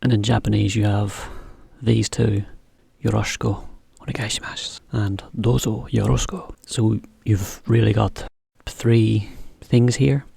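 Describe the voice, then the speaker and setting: A man teaching a slow, careful English lesson for learners, repeating each example phrase. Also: on the low side, level tone, vocal fry, dark tone, husky, no room sound, studio quality.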